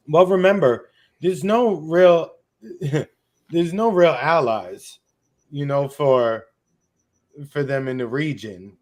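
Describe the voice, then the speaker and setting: A man co-hosting a political podcast, speaking bluntly in casual slang with a sarcastic edge. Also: mid-range voice. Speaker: podcast co-host.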